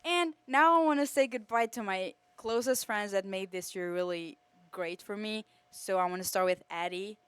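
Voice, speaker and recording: Heartfelt young woman with a smooth voice. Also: mid-range voice, normal speed, a bit bright, no room sound. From Kosovo. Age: teens to early 20s. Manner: heartfelt, many fillers. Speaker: exchange student. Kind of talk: emotional thank-you speech. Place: school TV studio.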